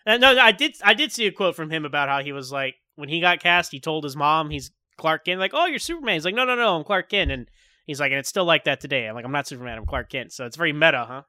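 A man's voice: fairly high pitch, no echo, clean studio sound. A man hosting a podcast, chatting casually and laughing often. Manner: animated, fast, laughs often. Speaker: podcast host. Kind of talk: casual chat.

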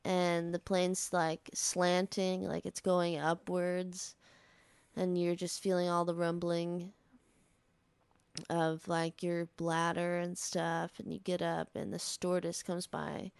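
Gravelly low-voiced woman spinning a comic tale. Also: completely flat delivery, slow pace, darkish tone, no room sound. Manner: rambling, heavy use of "like". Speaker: comedy podcast host. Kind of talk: improvised comic storytelling.

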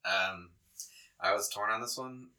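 A man co-hosting a podcast, talking in a relaxed, rambling way. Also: on the low side, a little slow, poor audio. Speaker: podcast co-host. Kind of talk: casual chat.

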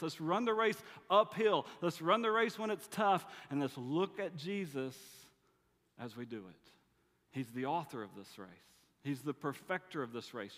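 A man's voice: high voice, fairly bright tone. A middle-aged man preaching a sermon, telling family stories with dry humor in a conversational way. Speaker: pastor. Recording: long reverb of a large hall.

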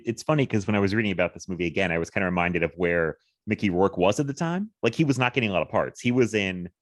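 A man's voice: low-pitched, no echo, studio quality. Rambling laughing podcast man. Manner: rambling, laughs often, many fillers. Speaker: podcast co-host. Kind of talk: casual film podcast chat.

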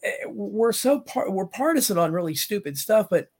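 A man's voice: sits high, normal speed, slightly rough. A male show host talking about politics casually, rambling from one tangent to the next. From United States. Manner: rambling, animated, jumps between tangents.

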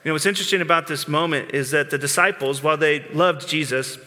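A man's voice: a little high, quick pace, pushed and bright, in a large hall. A male pastor preaching a sermon in an earnest, informal way, often restarting and repeating words. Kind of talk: conversational sermon.

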